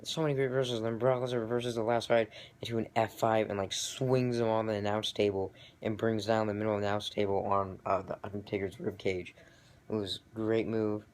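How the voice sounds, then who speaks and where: A young man with a somewhat low voice gives a loose, chatty recap. He rambles, keeps restarting his sentences and grows excited as he retells the action. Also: fairly quick. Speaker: vlogger reviewing wrestling. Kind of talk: casual recap.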